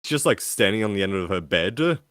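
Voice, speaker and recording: Quick and expressive, a man with a low but fairly bright, clear, resonant voice co-hosts a podcast. He chats casually and rambles, restarting often and using plenty of fillers, in studio-quality audio with no echo.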